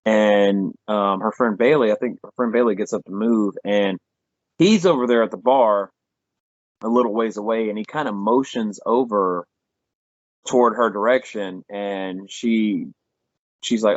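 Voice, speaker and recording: A man's voice: lowish voice, normal speed, no room sound. A man co-hosting a film review podcast, rambling through the plot with acted-out quotes and casual swearing. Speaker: podcast co-host. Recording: dull lo-fi dry podcast sound.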